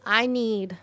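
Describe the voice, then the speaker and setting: A woman's voice: a little high, pushed and bright, clear, resonant tone, no room sound. A woman playing a tabletop roleplaying game, switching between her character and narration in a drawling, dramatic way. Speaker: player.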